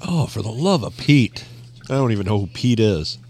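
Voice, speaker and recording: A man's voice: lowish voice, animated, normal speed, darkish tone. A man co-hosting a podcast, chatting casually and tossing in wisecracks. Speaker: podcast co-host. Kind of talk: casual chat.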